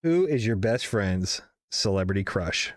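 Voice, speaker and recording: Playful male quiz host, game-show energy, lively swings in pitch, dry mic. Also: unhurried, no room sound. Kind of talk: casual podcast chat.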